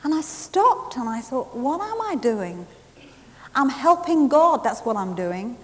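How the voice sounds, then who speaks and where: A woman preaching a sermon, telling a lively story and laughing at herself along the way. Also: high-pitched, a little slow. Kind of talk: sermon with testimony. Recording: hissy recording in a reverberant hall.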